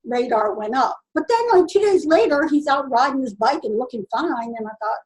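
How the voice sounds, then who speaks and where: A woman with a high voice tells a personal story in a relaxed, conversational way. She sounds earnest and halting, and often stops to restart her sentences. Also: poor audio. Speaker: vlogger.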